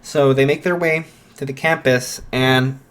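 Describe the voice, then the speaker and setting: A man casually improvising a fan story out loud, rambling with lots of fillers. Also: mid-range voice, steady tone, a little slow.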